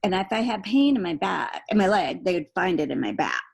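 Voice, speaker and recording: Middle-aged woman, interviewee; low, raspy, rambling storyteller. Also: big pitch swings, a little fast. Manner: rambling, acts out quoted dialogue. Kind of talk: emotional personal story.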